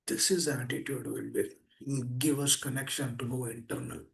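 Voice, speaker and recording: A man giving a sermon over an online meeting call, emphatic and pleading, swinging between raised urgent lines and hushed low ones. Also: steady tone, brisk, gravelly, few pauses. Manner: repeats pleading appeals to the listeners. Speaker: preacher.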